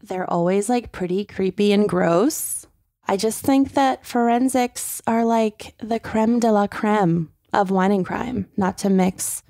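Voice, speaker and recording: A woman's voice: medium pitch, a little mellow, no room sound, clean studio sound. A woman co-hosting a podcast, chatting enthusiastically with her friends. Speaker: podcast co-host. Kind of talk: casual chat.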